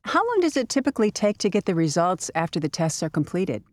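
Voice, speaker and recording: A woman's voice: on the low side, very animated, quick pace, darkish tone. A woman interviewing a guest, asking short friendly questions with jokey asides.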